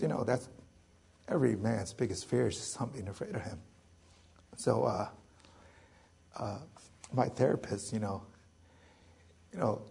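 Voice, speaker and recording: Very gravelly, raspy-voiced man telling his story. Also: mid-range voice, dark tone. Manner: halting, full of fillers and restarts, joking asides. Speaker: military veteran speaker. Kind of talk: personal story in a public lecture.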